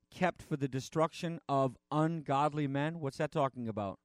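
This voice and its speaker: An earnest male preacher with a slightly higher-than-usual voice, recorded close and dry. He talks in a halting way, stopping on fillers and restarting phrases, then pushes his points with force. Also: clear, resonant tone, no room sound. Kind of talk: sermon.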